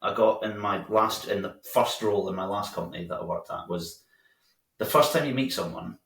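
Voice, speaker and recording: A man's voice: lowish voice, a little fast, fairly bright tone. A man, a bar owner chatting as a guest, rambling with lots of restarts. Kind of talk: casual interview chat. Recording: roomy sound from a distant mic.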